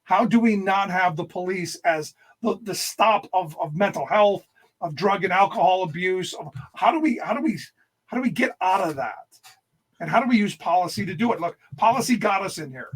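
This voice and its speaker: A man talking politics as a guest, blunt and emphatic, sometimes pushing almost to a shout. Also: high-pitched, lively intonation, moderate pace, husky. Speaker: guest, political radio host. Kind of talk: political discussion.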